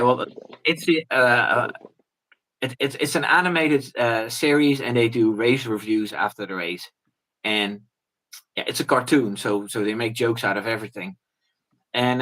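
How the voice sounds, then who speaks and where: Man, middle pitch, guest, casual chat, rambling, lots of restarts. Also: normal speed, fairly bright tone, rough recording. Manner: rambling, many fillers and restarts, mimics people in quotes.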